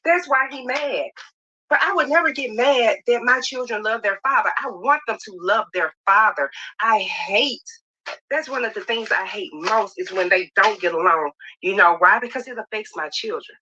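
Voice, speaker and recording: Middle-aged woman, bright forceful voice, heartfelt storytelling, muffled clip audio. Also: medium pitch. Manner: emphatic, rapid, heartfelt. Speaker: reality show cast member. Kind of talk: emotional personal storytelling.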